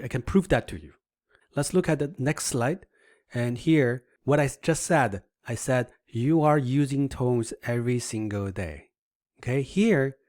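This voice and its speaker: A man teaching a language lesson over slides, patiently explaining step by step and demonstrating sounds out loud. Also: mid-range voice, no room sound, clean studio sound.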